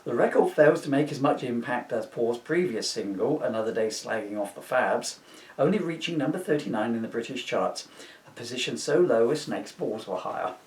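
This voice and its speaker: A man reads from his comic book in a lively, up-and-down voice, dropping deadpan asides. He often chuckles at his own lines. The sound is roomy and a little distant from the mic. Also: medium pitch, normal speed. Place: room, filmed on camera.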